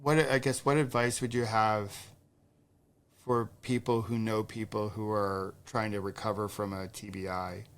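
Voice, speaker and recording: A man's voice: on the low side, level tone, measured pace. A man hosting a podcast, asking thoughtful, empathetic questions and sharing his own experience. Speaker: podcast host. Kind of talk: interviewing, conversational.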